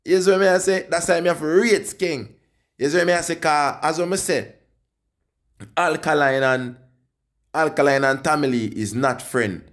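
A man with a Jamaican accent hosting an entertainment channel and giving casual commentary on artists, often repeating "you see me, I say" with lively jumps in pitch. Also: normal speed.

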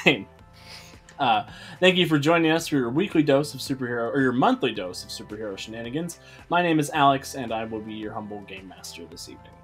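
A man's voice: medium pitch, slightly rough. A man hosting and running a tabletop role-playing game stream, upbeat and chatty with a fondness for puns. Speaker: game master.

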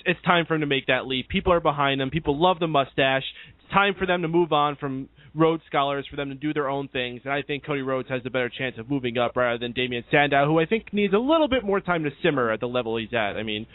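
A man hosting a wrestling radio show, moderating the panel in a brisk, casual way. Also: on the high side, no room sound. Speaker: podcast host. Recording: phone-line audio.

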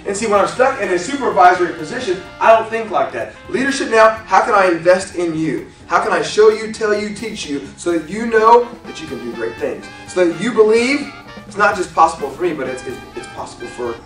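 A man in his thirties giving a leadership seminar talk as a motivational speaker, animated, acting out little scenes and laughing often. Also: high voice, a little fast. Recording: echoey hall from far off, faint music.

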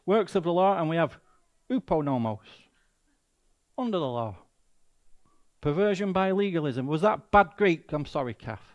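Mancunian male guest preacher, fairly high voice, emphatic, rhetorical questions. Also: lively intonation, normal speed, long pauses, highs cut off. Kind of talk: sermon.

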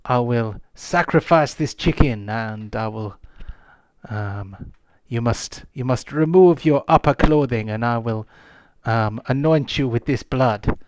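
A man's voice: mid-range voice, slow, dry recording, lightly acted. Man voicing a grave priestess with a French-tinged accent. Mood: ritual. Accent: put-on slight French-Caribbean. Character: solemn woman voodoo priestess.

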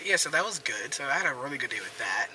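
A man's voice: medium pitch, big pitch swings, quick pace, bright, forceful tone, a little hiss or hum. A man chatting casually while he drives, rambling with lots of fillers. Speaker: vlogger. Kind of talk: casual vlog chat while driving. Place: in his car.

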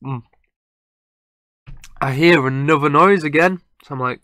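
A young man tells a story in a chatty, meandering way, stopping to correct his own details. His voice is bright and crisp, and the sound is dry and close. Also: on the high side, a little slow, no room sound. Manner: rambling, self-correcting, chatty. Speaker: podcast host. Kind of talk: casual storytelling.

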